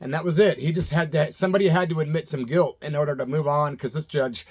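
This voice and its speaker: A man's voice: on the high side, fairly even intonation, quick pace, a little mellow. Laid-back man telling a wild story. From Illinois, USA. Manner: laid-back, laughs often, acts out voices in quotes. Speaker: vlogger telling a personal story. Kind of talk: casual storytelling monologue.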